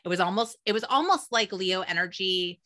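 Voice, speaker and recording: A woman's voice: mid-range voice, brisk, pushed and bright. A woman co-hosting a podcast in casual chat, chatty and emotional, often laughing. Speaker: podcast co-host.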